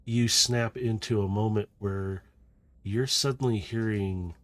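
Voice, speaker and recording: A man narrating a tabletop game as game master, slow and descriptive with frequent restarts. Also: fairly low pitch, steady tone, a bit bright, no echo.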